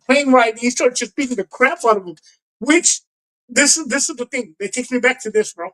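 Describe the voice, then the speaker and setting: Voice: medium pitch, a little fast, poor audio. A podcast co-host chatting casually, retelling film scenes with lots of acted-out lines and laughter. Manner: animated storyteller, acts out film scenes, laughs often. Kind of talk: casual chat.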